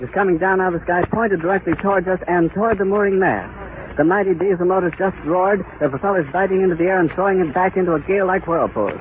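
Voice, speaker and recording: A man giving live on-scene radio commentary outdoors at an airfield, with flowery, emphatic description. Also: high voice. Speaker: radio reporter. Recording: tinny 1930s radio archive with loud hiss.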